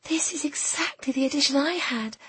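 A woman reads out a pampered young woman who pouts and gushes, her breathy voice lifted noticeably higher than a plain speaking voice. The storybook figure sounds petulant and used to getting her way. It is recorded close and dry. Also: unhurried, no echo, exaggerated voice. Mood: wistful. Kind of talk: audiobook character voice.

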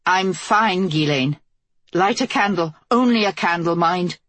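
A woman's voice: on the low side, animated, a little slow, a bit bright, dry recording. A woman playing a fierce, commanding ageless queen.

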